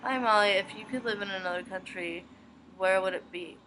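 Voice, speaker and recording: A young woman vlogger flatly reading fan messages from her inbox aloud, one after another. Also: mid-range voice, brisk, a little hiss or hum, rough recording. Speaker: video blogger reading fan questions.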